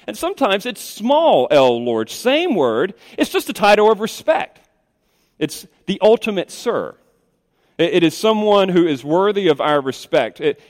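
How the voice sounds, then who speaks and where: A man's voice: on the high side, big-room sound. A man preaching a sermon as pastor, talking conversationally and putting questions to his congregation.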